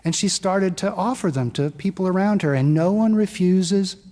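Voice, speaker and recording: A male pastor preaching in a conversational storytelling manner. His voice sits a bit high for a man, and a long church reverb trails each phrase in the sanctuary. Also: moderate pace, darkish tone. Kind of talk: sermon.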